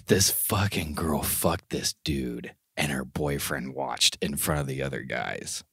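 A man co-hosting a podcast in casual chat, an animated storyteller who swears a lot and acts out what people said. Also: very deep voice, measured pace, slightly rough, no room sound, studio quality. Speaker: podcast co-host.

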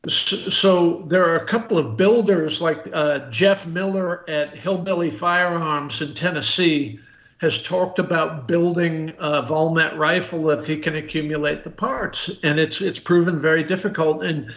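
On a podcast interview, a blunt American guest expert on military rifles keeps stumbling through restarts and fillers. He has a slightly high, somewhat bright voice for a man, and the sound is roomy and muffled, as if over a remote call.

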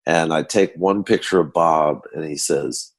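An older man, a photographer guest, telling backstage anecdotes in an animated storytelling manner. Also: a bass voice, measured pace, husky. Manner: animated storyteller acting out quotes.

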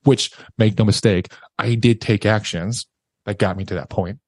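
A man's voice: fairly low pitch, steady tone, normal speed, darkish tone, no echo. Candid man telling a raw story. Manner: raw, emotional, swears casually. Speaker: podcast guest.

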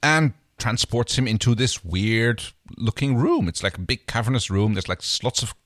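A man's voice: medium pitch, lively intonation, moderate pace, fairly bright tone, dry recording, clean studio sound. A man casually recapping a TV episode as a podcast co-host, rambling and hesitant.

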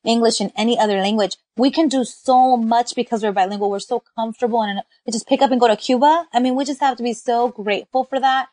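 Lively chatty woman, dry sound. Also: fairly high pitch, fast talker, hardly any pauses, dry recording. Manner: enthusiastic, chatty, slips into Spanish phrases. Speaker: podcast co-host. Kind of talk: casual chat.

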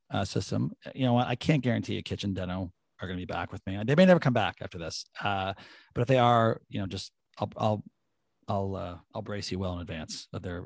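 A man's voice: fairly low pitch, no echo. A man hosting a casual sports podcast, talking animatedly with plenty of swearing and rambling stories. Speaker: podcast host.

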